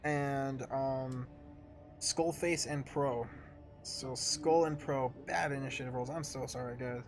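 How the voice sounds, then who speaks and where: A man acting as game master for a tabletop game, talking in a middle-pitched, everyday voice. He hesitates often with fillers and apologizes as he sorts out turns, while faint music plays behind him. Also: steady tone, slow pace. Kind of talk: running a live-streamed tabletop game.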